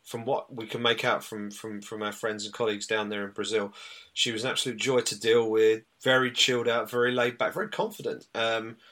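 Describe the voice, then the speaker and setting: A man's voice: on the low side, little pitch movement, a little fast, bright, forceful tone. A man with a British accent co-hosting a sports podcast, recapping fight results in a chatty, rambling way with many fillers. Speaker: podcast co-host. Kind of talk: casual chat, recapping results.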